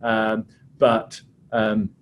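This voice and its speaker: A man's voice: fairly low pitch, monotone, very slow, slight background noise. Chatty male referee telling stories. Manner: chatty, hesitant with many restarts. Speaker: rugby referee guest. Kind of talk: anecdotal storytelling on a webinar. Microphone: video call.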